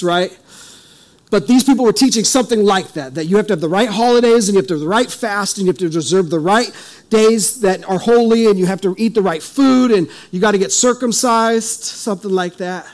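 A pastor preaching at a church service with a rather high voice. He talks with the congregation in a conversational way, asking them questions, and slows right down to stress each word when he reads scripture. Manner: reads scripture slowly with emphasis. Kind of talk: sermon.

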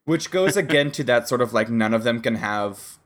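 A man co-hosts a casual podcast, offering dry, wry observations and quick asides. His voice sits at an everyday middle pitch. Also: lively intonation. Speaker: podcast co-host. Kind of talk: casual chat recapping a cartoon.

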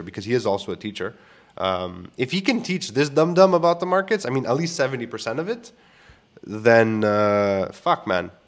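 Candid, foul-mouthed young man podcasting. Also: on the low side. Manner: candid, swears freely, frequent restarts. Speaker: podcast host. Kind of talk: casual storytelling monologue.

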